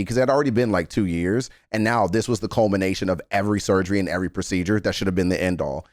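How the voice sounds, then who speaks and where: Earnest low-voiced man in his thirties. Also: fast, hardly any pauses, no room sound, studio quality. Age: 30s. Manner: earnest, emphatic, heavy swearing. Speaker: song reaction host. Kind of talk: emotional reaction commentary.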